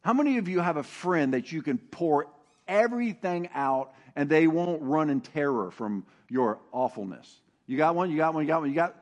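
A middle-aged man preaching a sermon with animated swings from loud emphasis to hushed, intimate tones. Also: on the high side. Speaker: pastor.

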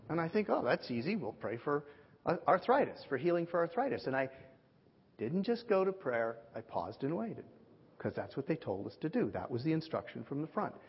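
A man's voice: on the high side, breathy edge. Man preaching in a reverberant hall. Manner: animated storyteller, acts out quoted voices. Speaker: pastor. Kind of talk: sermon storytelling. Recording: dull lo-fi audio with long hall reverb.

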